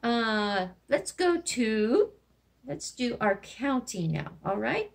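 A woman teaching Spanish words to kindergartners in gentle, slow teacher talk, mixing Spanish into her English. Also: fairly high pitch, very animated, creaky. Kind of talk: children's lesson with songs.

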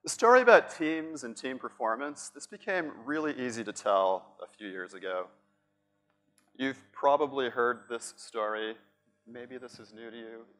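A man's voice: mid-range voice, normal speed. A man speaking to a live audience at a conference, upbeat and talking straight to the room as he leads a workshop. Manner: animated, upbeat, addresses the room directly.

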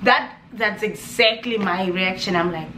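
A young Namibian woman with a Namibian accent, ranting in a casual vlog with exasperated, animated energy and laughing asides. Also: mid-range voice, measured pace, echoey room, a little hiss or hum. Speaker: vlogger.

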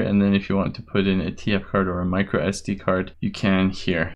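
A man giving a casual, chatty product review from a quiet small room, easily impressed, speaking into a cheap wireless handheld mic. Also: on the low side, no room sound, poor audio. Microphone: the reviewed unit's wireless handheld mic.

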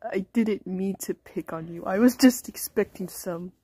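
A woman's voice: medium pitch, a little slow, warm tone, breathy edge, no room sound. A woman reading comic dub lines in a mock-dramatic, self-pitying way.

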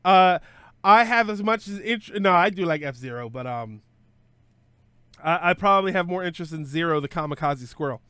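A man with a slightly raised pitch chats casually on a live stream, rambling and joking as he thinks aloud. He trips over his words, restarts sentences and fills gaps with "uh" and "um". The sound is dry and close, with no room around it. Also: expressive, normal speed, pushed and bright, clean tone, dry recording. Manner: self-correcting with frequent fillers. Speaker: streamer host.

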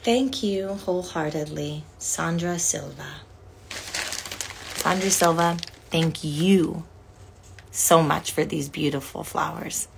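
A woman in her forties talks slowly and casually into a phone livestream, sounding tired. Her voice sits a little low. She reads fan cards aloud with lots of "like" and small fillers. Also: vocal fry, noisy background. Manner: reading fan cards aloud, chatty with frequent "like". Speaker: actress thanking fans on a livestream. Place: indoor room with couches.

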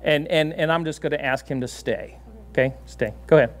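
A man preaching a sermon in a church, animated and laughing often, giving commands to a dog on stage. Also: a little high, a little fast. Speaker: pastor. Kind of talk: sermon with a live dog demonstration. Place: church sanctuary.

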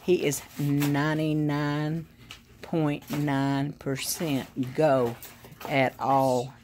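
At home on the living room sofa, a woman films her dog with a phone camera, calling out bubbly, sing-song commands and praise in casual home-video chat. Her voice sits low and darkish, moving very little in pitch and going very slowly.

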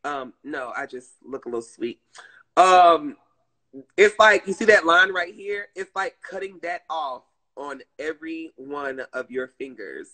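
Bright chatty man. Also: fairly high pitch, animated, unhurried, low-quality recording. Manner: chatty, rambling, emotive storytelling. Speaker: live streamer. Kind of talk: casual live-stream chat to viewers.

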